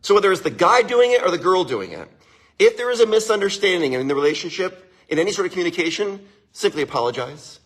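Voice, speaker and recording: Hosting a live stream, this man hands out casual marriage advice in a high, sing-song voice that is fairly bright with a breathy edge. He talks quickly and animatedly, chuckling often and regularly checking in with his listeners.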